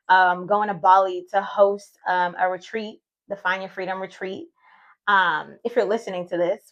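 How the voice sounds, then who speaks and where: Heard through a muffled recording, a mid-range female voice belongs to a vlogger and retreat host in her thirties from the United States. In this casual storytelling vlog she recounts her own experiences warmly and chattily, at times acting out what she used to think.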